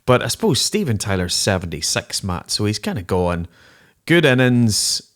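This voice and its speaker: A man co-hosting a rock podcast, joking and laughing loudly in casual chat. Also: deep voice, fairly quick. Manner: jokey, animated, laughs loudly. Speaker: podcast co-host.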